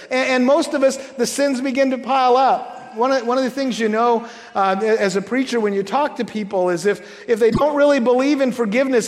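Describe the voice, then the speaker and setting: A man preaching a sermon as pastor in a church, talking conversationally with halting restarts and joking asides. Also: high-pitched, big-room sound.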